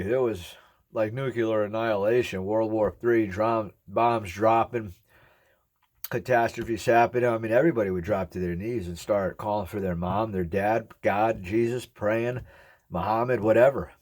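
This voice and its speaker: With a fairly low, darkish voice, steady tone, and moderate pace, an ASMR YouTuber in his 40s reflects casually to camera. He eats as he speaks, earnest and rambling as he addresses his viewers.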